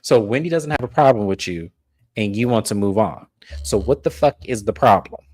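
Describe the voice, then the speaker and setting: Brisk and rumbling low, this woman co-hosts a podcast and animatedly recaps a reality TV episode. Her telling is casual and full of swearing, and she performs the cast's lines herself.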